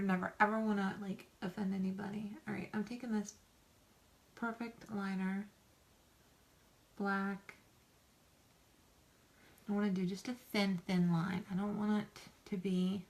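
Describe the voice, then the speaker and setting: A woman with a mid-range voice rambles through a get-ready-with-me makeup chat. She talks casually and folksily and often pokes fun at herself. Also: mid-range voice. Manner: chatty, rambling, self-deprecating, folksy. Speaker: makeup vlogger.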